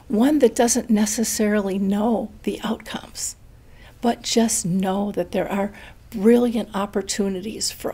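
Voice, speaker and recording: A middle-aged woman speaking earnestly about dementia care and telling a family story with lively quoted voices. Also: mid-range voice, husky. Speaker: dementia educator and host. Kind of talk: conversational storytelling.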